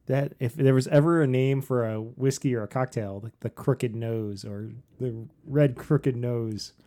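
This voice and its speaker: Very deep-voiced, mellow woman cohost. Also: measured pace. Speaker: podcast cohost. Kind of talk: casual chat.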